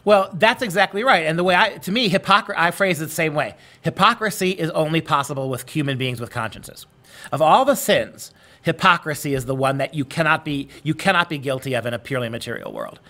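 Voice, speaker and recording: Bright-voiced man hosting an interview. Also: a little high, lively intonation, fairly quick. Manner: earnest, restarts words mid-thought. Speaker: host. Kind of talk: conversational interview.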